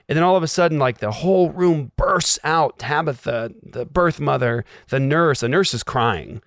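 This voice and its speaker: A man sharing a personal faith testimony, acting out the dialogue and dropping to a hush at tense moments. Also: on the high side, normal speed, hardly any pauses, no echo, studio quality. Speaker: guest telling a personal story.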